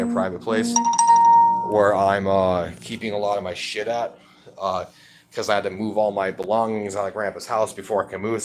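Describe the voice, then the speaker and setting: A man with a fairly low voice tells his story in a rambling, agitated rush, swearing constantly. He is talking straight to camera in a personal video update. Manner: rambling, heavily profane, agitated. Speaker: vlogger.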